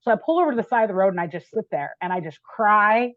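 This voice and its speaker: A woman guest on a podcast telling a personal story in an animated, chatty way, with frequent "like" and "right?". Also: medium pitch, quick pace, no echo, narrow, tinny audio.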